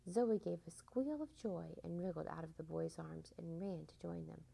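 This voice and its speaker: A woman reading a children's storybook aloud with expressive, animated delivery. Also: fairly low pitch, moderate pace, vocal fry, slightly rough, rough recording.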